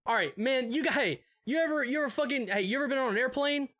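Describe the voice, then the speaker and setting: A man's voice: extremely high pitch, fast, sharp tone. A young man co-hosting a podcast, giving a rambling, profane movie recap and laughing as he goes. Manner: rambling, swears a lot, laughs mid-sentence. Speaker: podcast co-host.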